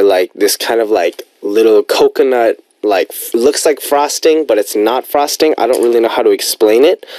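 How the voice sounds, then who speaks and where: A man's voice: mid-range voice, darkish tone, dry recording. A young man hosting a radio show in a studio, chatting casually and rambling playfully between listener messages. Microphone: studio microphone.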